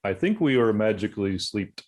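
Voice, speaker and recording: A man's voice: lowish voice, sing-song, a little fast, darkish tone. A man playing a tabletop role-playing game, joking and teasing the others at the table. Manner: playful, teasing. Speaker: player. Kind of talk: casual tabletop play.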